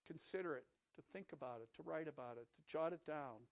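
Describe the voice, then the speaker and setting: Emphatic high-voiced male preacher, tinny audio. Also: a little fast, vocal fry. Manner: emphatic, swings between raised and hushed delivery. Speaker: pastor. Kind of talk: sermon. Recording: tinny phone-like audio recording.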